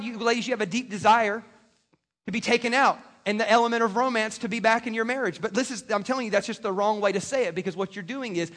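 In a large hall's long reverb, a male pastor with a high-pitched, somewhat bright voice delivers his sermon from the church stage. His tone is conversational, sprinkled with joking asides aimed at the congregation.

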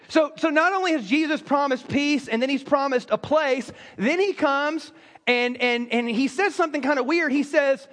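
A man's voice: very high-pitched, moderate pace, fairly bright tone. A man from South Carolina, preaching a sermon to a church congregation with humorous storytelling. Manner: humorous storytelling, acts out quotes. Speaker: pastor. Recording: long reverb of a large hall.

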